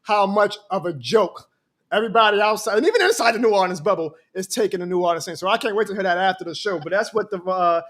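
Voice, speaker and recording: Hyped high-voiced man hosting a fan show. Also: fast talker, a bit bright. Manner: hyped, talks back to callers. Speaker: host of a fan call-in show. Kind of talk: casual live stream chat.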